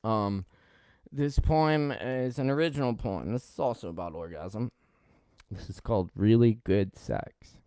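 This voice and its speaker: A man hosting a live-streamed poetry open mic. He reads poems with loud, impassioned outbursts and talks in relaxed, quick asides between them. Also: lowish voice, clear, resonant tone, no echo, studio quality. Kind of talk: live-streamed poetry reading and host talk.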